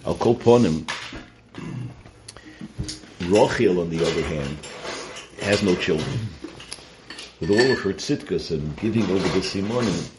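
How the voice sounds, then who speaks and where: A man's voice: low-pitched, expressive, unhurried, pauses often. A man teaching a weekly Torah portion class, earnest and explanatory, often restarting and repeating his words. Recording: noisy recording.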